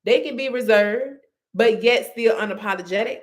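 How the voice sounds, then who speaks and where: A woman hosting a motivational faith podcast, talking in a lively, conversational way and calling listeners y'all and honey. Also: fairly high pitch, normal speed. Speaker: podcast host.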